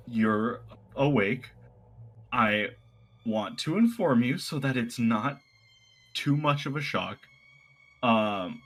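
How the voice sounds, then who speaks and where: A man's voice: medium pitch, exaggerated voice. A man playing an earnest caring young woman. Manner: gentle, careful, hesitant reassurance. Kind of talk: tabletop role-play in character.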